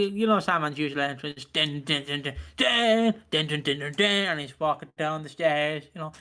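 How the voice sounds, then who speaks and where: A man's voice: a little high, clear, resonant tone. A man co-hosting a casual wrestling podcast, retelling matches and acting out the people in them, with plenty of swearing. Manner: animated retelling with acted-out voices, sweary. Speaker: podcast co-host. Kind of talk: casual wrestling review chat.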